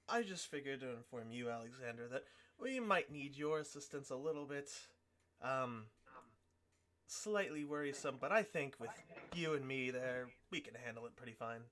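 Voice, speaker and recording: A man voicing a proud veteran fighting grandmaster, a brisk mentor who rambles with halting fillers. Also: medium pitch, pushed and bright.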